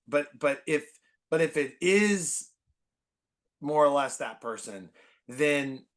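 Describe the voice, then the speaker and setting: A man in his forties, a podcast guest, telling stories in casual conversation, animated and full of fillers and restarts. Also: a little high. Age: 40s.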